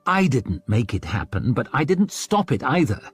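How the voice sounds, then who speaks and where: A man's voice: mid-range voice, sing-song, normal speed, slightly rough, faint music behind. A man voicing a self-mocking young crown prince with a flippant, boyish manner. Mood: rueful.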